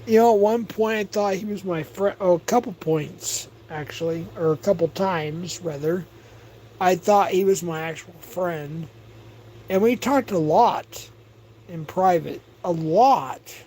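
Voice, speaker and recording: Guy streaming from home, slow rambling gossip, cusses a lot, faint hum behind. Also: high voice, warm tone, low-quality recording. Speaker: livestream host. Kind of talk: casual livestream chat, reading chat aloud.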